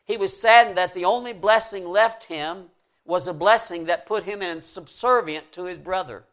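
A man preaching a sermon in an earnest, emphatic way, pushing key words up loud and letting conclusions drop soft. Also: sits high, normal speed.

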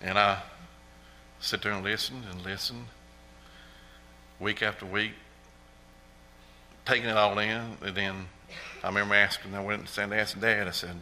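Earnest man, bright church testimony. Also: fairly low pitch, steady tone, unhurried, pauses often, a little hiss or hum, poor audio. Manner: earnest, repetitive, exclaims praise. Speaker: church member giving testimony. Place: church sanctuary.

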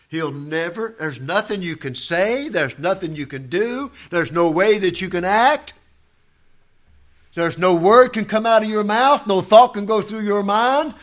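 A man preaching a sermon as pastor, fervent and building to shouts. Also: high-pitched.

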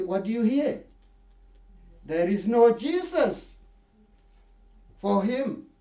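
A man's voice: high voice, mellow, far from the mic. A man leading a Bible study, talking earnestly and emphatically, often repeating key phrases. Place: church hall. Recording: echoey hall, voice from off mic.

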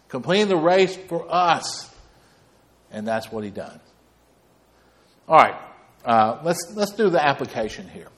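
A man preaching a sermon as pastor, folksy and rambling, with storytelling asides. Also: medium pitch.

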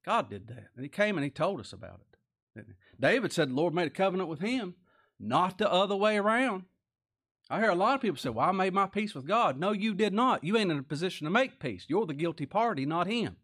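Male pastor, earnest folksy sermon delivery, slightly high voice. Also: very animated, a little fast, a bit bright, breathy edge. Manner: folksy, earnest preaching with Southern dialect.

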